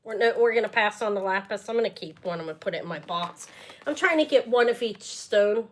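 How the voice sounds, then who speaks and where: A woman's voice: mid-range voice, animated, brisk. A middle-aged woman selling jewelry on a live stream, chatting casually and rambling with muttered asides. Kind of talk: casual live sales chat.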